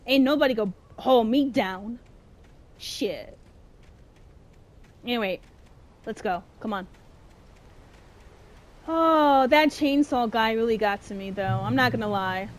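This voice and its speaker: A woman streaming a horror game, chatting and swearing, jumpy and quick to shout when chased. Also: a little high, lively intonation. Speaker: gameplay streamer. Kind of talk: casual let's-play commentary.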